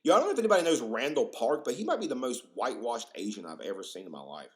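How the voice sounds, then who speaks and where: A young man hosting a casual solo podcast, rambling and profane, excitable and full of fillers. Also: mid-range voice, racing. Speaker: podcast host.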